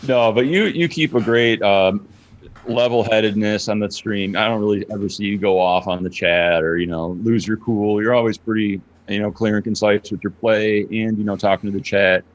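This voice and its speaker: A man guesting on a podcast as a poker streamer, relaxed and easygoing in casual interview chat, often saying "you know". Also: on the low side, moderate pace, highs cut off.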